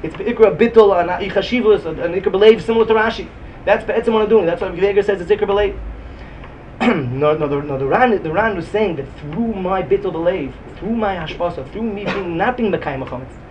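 High, fast-talking yeshiva lecturer. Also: male voice, highs cut off. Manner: animated, sing-song talmudic cadence. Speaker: Talmud teacher. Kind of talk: yeshiva-style Talmud lecture. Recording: distant mic, faint room noise.

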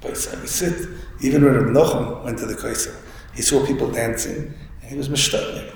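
Man teaching a Torah class, gravelly voice, very roomy hall, faint hum behind. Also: mid-range voice, fairly even intonation, brisk, a little mellow. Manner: storytelling, with many restarts and Hebrew and Yiddish terms. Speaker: rabbi giving a Torah talk. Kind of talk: Yiddish-inflected Torah lecture. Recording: echoey hall with faint room noise.

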